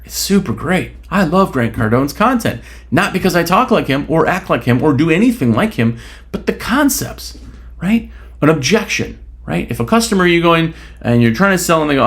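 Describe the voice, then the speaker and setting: On his own podcast, this man makes his points bluntly and casually, swearing a little and tossing out rhetorical questions, often tagging on "right?" His voice is on the high side, sing-song and a bit bright, at a normal speed.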